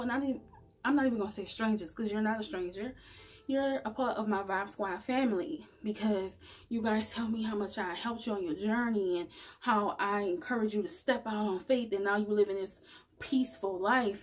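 A woman's voice: mid-range voice, husky. A woman talking straight to her viewers in a casual, earnest motivational vlog about spirituality. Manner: earnest, chatty, addresses viewers directly. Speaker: spiritual vlogger. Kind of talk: casual motivational talk to camera.

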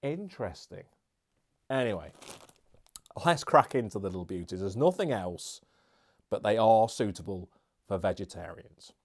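Chatty man, lively low voice. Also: moderate pace, long pauses. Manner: chatty, jokey, rambling asides. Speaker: beer and snack reviewer. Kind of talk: casual review vlog.

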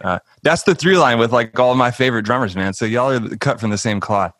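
A man's voice: mid-range voice, fairly quick, a bit bright, no echo, clean studio sound. Laid-back young man. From Birmingham, Alabama. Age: young adult. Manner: laid-back, says dude and man a lot. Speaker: guest drummer. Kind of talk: casual interview chat.

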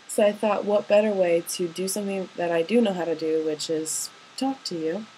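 A woman's voice: fairly low pitch, mellow, slight background noise, low-quality recording. A young woman, a college student, records a rambling, tender voice message to her partner, full of ums and hesitations. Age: young adult.

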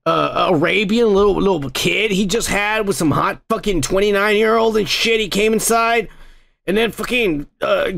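A male comedy podcast host launches into a crude, drunken, rambling rant, swearing constantly. His voice is high and fairly bright, with vocal fry.

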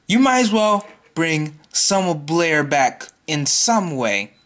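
A man's voice: fairly high pitch, big pitch swings, takes it slowly, fairly bright tone. A man ranting in a vlog, exasperated and repeating himself as he vows to boycott a movie. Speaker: YouTuber.

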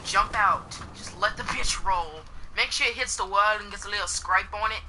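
A woman's voice: mid-range voice, moderate pace. Woman in a put-on English accent, noisy. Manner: rambling, crude, swears a lot, restarts often. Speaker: gameplay streamer. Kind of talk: casual gaming tutorial commentary.

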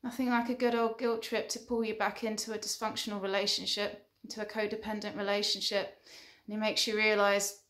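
A woman's voice: medium pitch, little pitch movement, fairly quick, a bit bright. A woman counselor giving an earnest advice monologue, building her points through repeated short lists. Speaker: relationship counselor.

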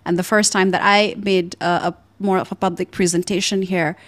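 A woman's voice: medium pitch, flat delivery, a little fast. A woman hosting an interview podcast as a public speaking coach, reflecting on her own experiences. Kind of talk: conversational interview.

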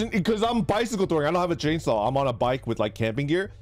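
Soft background music plays as a man with a fairly high voice and big pitch swings talks fast on a casual morning stream. He laughs a lot while telling a story, greets viewers, and reads out chat names.

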